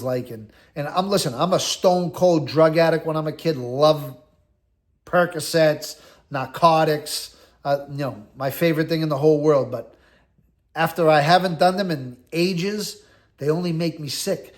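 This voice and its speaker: A middle-aged man, telling a long personal story in a rambling, blunt, conversational way. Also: fairly high pitch. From Boston area. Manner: rambling and conversational, full of "like" and "you know", blunt street talk. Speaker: host recounting prison experience. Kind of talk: casual storytelling monologue.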